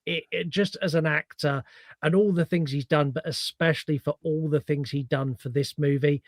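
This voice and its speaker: A man co-hosting a film podcast, talking in a lively, casual way and swearing freely as he acts out scenes. His voice sits a little high, recorded close on a dry mic. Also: moderate pace, no room sound. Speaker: podcast co-host. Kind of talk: casual film review chat.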